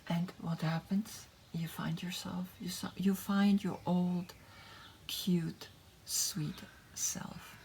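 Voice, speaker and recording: A woman reads tarot in a soft, encouraging voice that often sinks into a whisper. Her tone is mellow and lowish, and she takes her time with every phrase. A faint hiss sits under the voice. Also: little pitch movement, takes it slowly. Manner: gentle, encouraging, with frequent tag questions. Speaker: tarot reader. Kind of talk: tarot reading with guided meditation.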